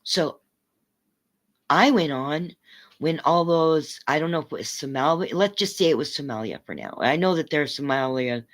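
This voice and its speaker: Woman, livestreamer, lowish voice, angry confrontational rant. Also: expressive, normal speed. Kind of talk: ranting livestream chat.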